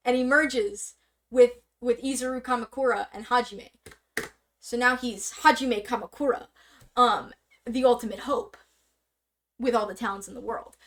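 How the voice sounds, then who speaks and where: A woman casually explaining a story on a live stream, rambling with lots of fillers and sudden bursts of fast talk. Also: a little high, fairly even intonation, a bit bright. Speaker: stream guest presenting slides. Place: streaming setup indoors.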